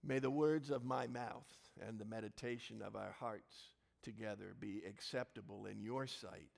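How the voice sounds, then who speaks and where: A man, the pastor of a church, preaching an Easter sermon in a storytelling manner with swings into loud exclamations. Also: lowish voice, steady tone, moderate pace, gravelly, big-room sound.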